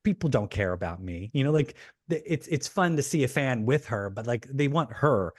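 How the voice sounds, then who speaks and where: A man, a podcast guest, telling an animated story in casual talk, rushing and restarting his sentences. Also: mid-range voice, breathy edge, dry recording, studio quality. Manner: animated, rushed retelling with many restarts.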